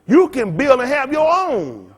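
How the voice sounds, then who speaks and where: A man's voice: extremely high pitch, wildly swooping pitch, measured pace, a little hiss or hum. A man preaching to his congregation in a blunt, profane, rambling style, trading call-and-response with the room. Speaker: pastor.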